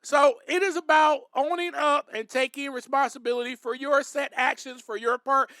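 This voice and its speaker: A man with a high, bright voice delivers a recovery advice monologue to his listeners. He talks in a direct, emphatic, preaching way. The sound is dry and close, with no room echo. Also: steady tone, normal speed. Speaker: podcast host.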